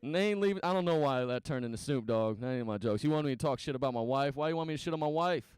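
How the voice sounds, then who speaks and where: After fielding interview questions, a male comic launches into a self-mocking, foul-mouthed, meandering routine in a small club, holding a stage mic. He talks at a racing pace in a mid-range, slightly mellow voice, and the sound is clean with no echo.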